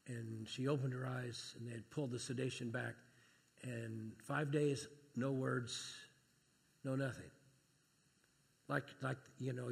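A man preaching a sermon and telling family stories, talking plainly and then rising to loud, excited preaching. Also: mid-range voice, gravelly, husky, big-room sound.

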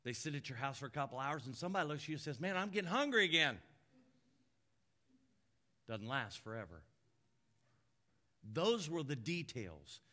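A male pastor preaching a conversational sermon, often dropping soft and low for emphasis. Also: expressive, fairly quick.

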